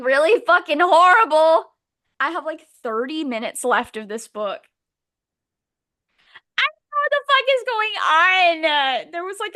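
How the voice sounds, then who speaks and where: A woman's voice: high-pitched, bright, forceful tone. A young woman co-hosting a podcast, casually retelling a book in a rambling, profane, exasperated way. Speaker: podcast co-host. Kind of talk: casual chat.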